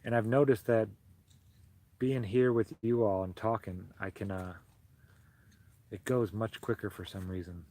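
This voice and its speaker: A man hosting a relaxed livestream, chatting while he crochets. He is soft-spoken and sentimental and greets his viewers fondly. His voice is low-pitched and mellow. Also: unhurried, long pauses. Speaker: livestream host. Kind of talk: casual chat while crocheting.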